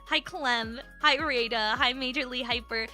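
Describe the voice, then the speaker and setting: A woman's voice: fairly high pitch, steady tone, a little slow, bright, forceful tone, faint music behind. A woman livestreamer chatting casually with viewers, rambling with lots of "like" fillers. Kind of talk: casual chat.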